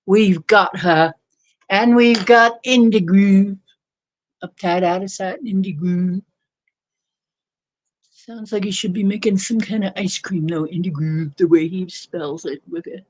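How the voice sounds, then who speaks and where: Slow-talking, playful woman streamer. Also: mid-range voice. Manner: playful, giggly, joking asides. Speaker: livestream host giving readings. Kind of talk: casual livestream chat.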